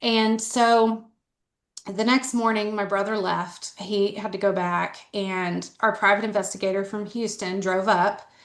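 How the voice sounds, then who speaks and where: A woman's voice: mid-range voice, fairly even intonation, unhurried, roomy sound. A middle-aged woman telling her story candidly as a podcast guest, talking earnestly with a lot of "like" fillers. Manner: earnest, conversational, frequent "like" fillers.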